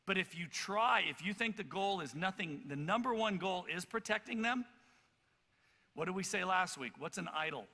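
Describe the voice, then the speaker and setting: Male pastor with a high, bright voice, animated storytelling sermon in a reverberant church hall. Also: moderate pace. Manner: animated, loud acted-out storytelling with many stammered restarts. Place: church auditorium.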